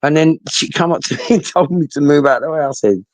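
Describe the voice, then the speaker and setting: Middle-aged London bloke, sweary raconteur, rambling delivery, dry room. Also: male voice, fairly high pitch, brisk, no room sound, rough recording. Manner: swears a lot, rambling, animated storytelling. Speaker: talker recounting stories. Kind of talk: casual chat.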